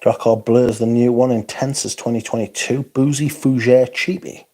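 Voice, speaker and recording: He's a weary streamer from North East England, casually chatting through viewer comments while rambling, self-deprecating, and frequently yawning or interjecting. His voice is mid-range and dark, fairly even in intonation, at a moderate pace.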